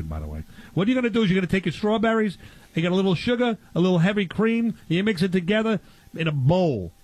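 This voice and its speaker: A man bantering in a comedy bit at a barbecue, rambling, playfully clueless and repeating himself. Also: sits high.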